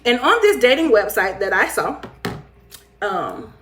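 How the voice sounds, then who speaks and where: A woman with a high-pitched voice runs a casual livestream talk show at a measured pace, reading comments aloud between bits of chat. Her mood is lively and playful, with frequent laughter and teasing of viewers. The bare-room echo is noticeable.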